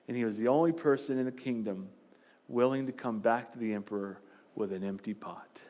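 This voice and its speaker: Pastor guy preaching, storytelling, goes soft and quiet for emphasis. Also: mid-range voice, fairly quick. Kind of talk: sermon.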